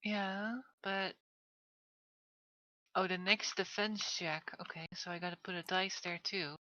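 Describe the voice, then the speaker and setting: A woman playing in a tabletop game, thinking aloud in an unhurried way while rolling dice. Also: fairly low pitch, fairly even intonation, sharp tone, dry recording, muffled recording. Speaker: player.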